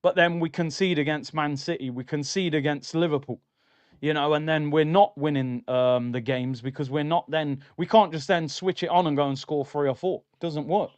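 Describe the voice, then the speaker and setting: A man hosts a live football watchalong, chatty and opinionated as he reads out viewer comments. His voice sits a little high. The recording is dry, with no room sound. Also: steady tone, normal speed, clear, resonant tone, no room sound. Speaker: livestream host.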